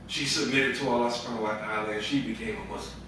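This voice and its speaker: A man's voice: mid-range voice, fairly even intonation, fast talker, bright, forceful tone, heavy reverb, distant mic, a little hiss or hum, poor audio. A man giving a Ramadan sermon as an imam, telling stories in a conversational way with street slang.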